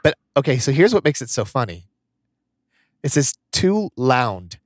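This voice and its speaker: A man's voice: mid-range voice, very animated, normal speed, slightly rough, no echo. Guy cohosting a podcast, chatty, tells stories and laughs a lot, dry close sound. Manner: chatty storyteller, laughs often. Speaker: podcast co-host. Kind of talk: casual podcast chat.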